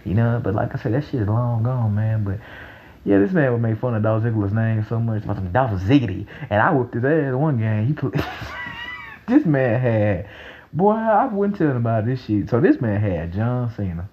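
A young man talking in a casual, rambling monologue, excitable and profane, breaking into loud laughs. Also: mid-range voice, moderate pace, muffled recording, a little hiss or hum. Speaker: vlogger.

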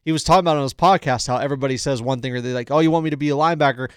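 A man's voice: medium pitch, very fast, clear, resonant tone, dry recording. Argumentative man, dry close sound. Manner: argumentative, teasing, repeats lines for emphasis. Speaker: podcast co-host. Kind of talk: casual sports debate.

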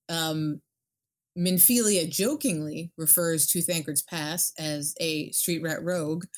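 Rambling, swearing woman game podcaster. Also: lowish voice. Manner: rambling, animated, swears casually. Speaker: podcast co-host. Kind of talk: casual chat about a video game.

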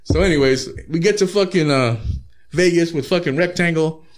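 A rapper in his thirties, appearing as a guest in a casual interview, speaks with a fairly high-pitched voice at normal speed. His stories are laid-back and profane, and he laughs often.

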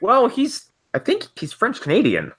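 A man's voice: extremely high pitch, huge pitch swings, normal speed, a bit bright, husky, no echo, clean studio sound. A man co-hosting a casual podcast chat, rambling and swearing as he acts out quotes with laughs. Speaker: podcast co-host.

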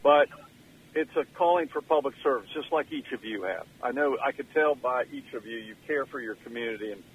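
A man's voice: medium pitch, fairly quick, phone-quality sound, a little hiss or hum. An older man, calling in from his car as a radio guest and telling stories in a folksy, emotional way. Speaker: guest, former governor. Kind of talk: phone-in radio interview.

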